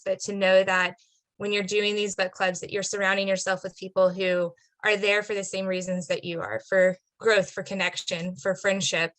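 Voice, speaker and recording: A woman's voice: medium pitch, a bit bright, low-quality recording. A woman parent sharing a heartfelt personal testimony on a webinar video call. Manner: heartfelt, earnest. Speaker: parent participant.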